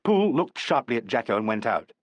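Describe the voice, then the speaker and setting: A man narrating an audiobook in a measured, expressive reading. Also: medium pitch, dry recording. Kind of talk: scripted narration.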